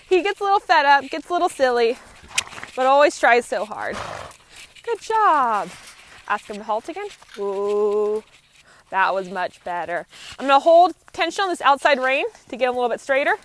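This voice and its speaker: A woman horse trainer working a horse outdoors, explaining each step in a calm, steady, instructive way. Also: sits high, a little hiss or hum. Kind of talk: live training commentary.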